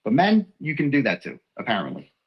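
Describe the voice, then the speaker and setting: A man's voice: medium pitch, wildly swooping pitch, a little fast, slightly rough, lo-fi sound. A man from Texas hosting a livestream, ranting in a rambling, profane, hurt way. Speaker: livestream host. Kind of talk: emotional livestream rant.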